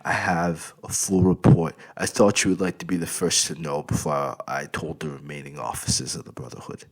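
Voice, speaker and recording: A man's voice: very deep voice, steady tone, moderate pace. A man doing a jovial middle-aged uncle. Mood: excited. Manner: upbeat, eager to cheer up.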